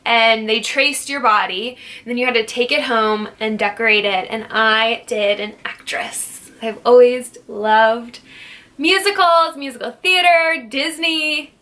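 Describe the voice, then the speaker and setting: A young woman, a fitness instructor, chatting playfully through a casual Q&A vlog, jokey and quick to laugh. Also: a little high, fairly even intonation, bright, forceful tone. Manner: jokey, playful, not serious.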